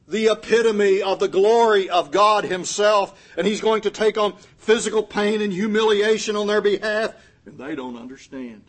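Male pastor, middle-aged, husky tone, lively sermon delivery. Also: sits high, normal speed, hardly any pauses. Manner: animated, swings from loud emphatic to quiet, acts out quotes.

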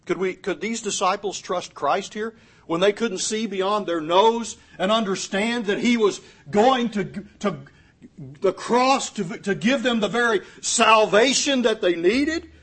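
A middle-aged male pastor preaching a sermon, swinging from loud, emphatic lines to quiet asides and acting out quotes. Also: high voice, husky.

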